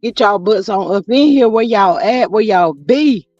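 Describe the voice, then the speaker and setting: A woman's voice: medium pitch, expressive, measured pace, a little mellow, dry recording. A woman hosting a casual livestream, chatty and sassy, greeting her viewers by name. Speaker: YouTube livestream host. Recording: dull lo-fi audio with faint music.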